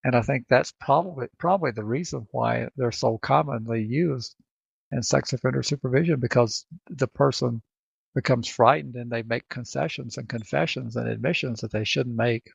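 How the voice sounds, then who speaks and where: A man with a Southern accent co-hosting a podcast, talking in a halting way and often repeating words as he thinks. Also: mid-range voice, gravelly, breathy edge, dry recording. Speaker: co-host. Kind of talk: casual podcast chat. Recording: dry, dull lo-fi sound.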